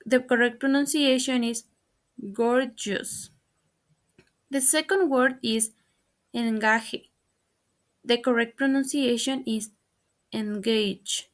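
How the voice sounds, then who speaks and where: A woman student presenting pronunciation examples in a slow, careful, formulaic recitation. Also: high voice, steady tone.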